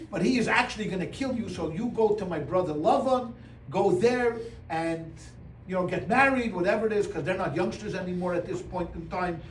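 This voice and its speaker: A man, a rabbi, teaching a Torah class to a small audience in lively storytelling style, acting out voices with Yiddish exclamations and humor. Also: sits high. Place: room with a live audience. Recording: roomy sound from a distance, faint room noise.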